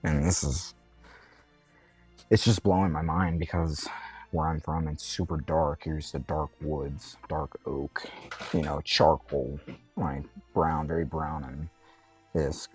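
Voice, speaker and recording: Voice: rumbling low, fairly even intonation, takes it slowly, a little mellow, slightly rough, soft background music. A player in a tabletop game, describing their character's actions casually, with hesitant fillers.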